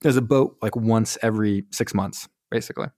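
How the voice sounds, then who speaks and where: A man with a fairly low voice recaps a film in a loose, rambling way, joking and acting out lines as he goes. The sound is dry and close, with no room around it. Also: a little fast, darkish tone, dry recording. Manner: rambling, jokey, acts out characters' lines. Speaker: podcast co-host. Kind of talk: casual movie recap chat.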